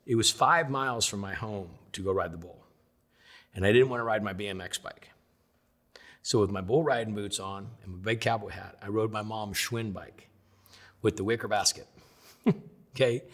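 A middle-aged man telling lively stories in a sit-down interview, acting out the voices of the people in them. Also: lowish voice. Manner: animated storyteller, acts out voices of others. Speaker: interview guest.

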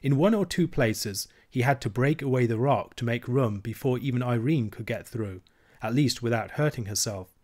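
Man reading a storybook aloud. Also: medium pitch. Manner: steady, measured storytelling. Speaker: reader. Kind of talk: reading a children's novel aloud.

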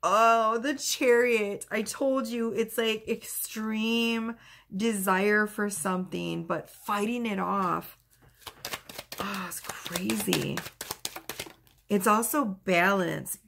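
A woman with a gravelly edge to her voice reads tarot cards for her viewers. She talks casually and excitedly, exclaiming and swearing freely as she goes. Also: mid-range voice, a little hiss or hum. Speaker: tarot reader. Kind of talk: casual tarot reading vlog.

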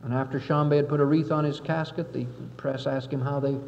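A man's voice: mid-range voice, fairly even intonation, a little fast, gravelly, a little mellow, slight background noise. A man giving an impassioned public speech, speaking emphatically and with oratorical force, sometimes acting out the people he quotes. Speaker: political lecturer. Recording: dull 1961 lo-fi tape with long hall reverb.

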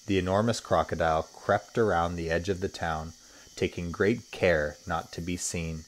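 A man, a teacher, reading a children's story aloud with expressive storytelling. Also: low voice, moderate pace, a little hiss or hum.

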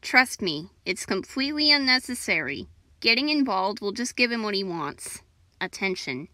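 A woman voicing a level-headed dinosaur who gives measured, calming advice in a fan audio drama. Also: medium pitch, dry recording, clean studio sound, pitched below the performer's own voice.

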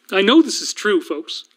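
A man's voice: sits high, a bit bright. A man presenting a talk over photos, earnest and emotional, addressing viewers directly.

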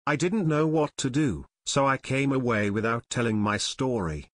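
A man's voice: mid-range voice, moderate pace, no room sound, clean studio sound, natural voice. A man reading a frightened male costume dealer who speaks shakily and brokenly, in an audiobook. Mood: confessing. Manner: shaky, broken, pleading.

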